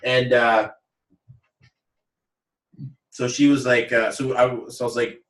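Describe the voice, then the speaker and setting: A man chats casually on his podcast, bouncing between his own voice and lively impressions of the people in his story. His voice sits in a middle register. The room is echoey and he is set a bit back from the microphone. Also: mid-range voice, slow pace, pauses often. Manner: animated storyteller who acts out quotes. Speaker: podcast host. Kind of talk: casual chat. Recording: roomy echo, voice a little far off mic.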